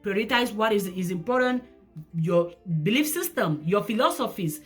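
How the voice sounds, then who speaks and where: A woman's voice: medium pitch, animated, moderate pace, faint music behind. A woman speaking as a life coach in an emphatic, repetitive motivational talk, with non-native English phrasing.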